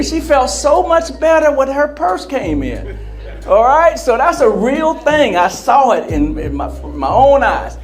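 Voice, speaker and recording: A motivational speaker gives a conference talk on emotional wellness in a large convention center hall, with music in the background. His voice is extremely high with big pitch swings at moderate pace, and he draws the audience in with questions and acted-out quotes.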